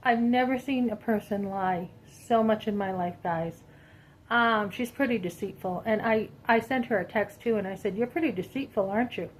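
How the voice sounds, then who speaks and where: A woman vlogger telling a personal story to her viewers in an animated, indignant, chatty way. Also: medium pitch, normal speed, a little hiss or hum, poor audio. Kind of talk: casual storytelling to camera.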